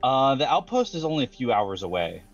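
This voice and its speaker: A man's voice: medium pitch, very animated, fairly quick, muffled recording, faint music behind. A man running a tabletop game as game master, laid-back and swearing casually while he laughs along.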